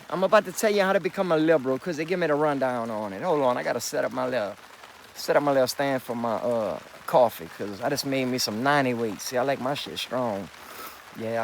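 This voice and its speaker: A man's voice: medium pitch, vocal fry, a little hiss or hum, poor audio. A man vlogging in a rambling, profane, emphatic monologue, calling listeners partner and boy. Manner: folksy address with "partner" and "boy".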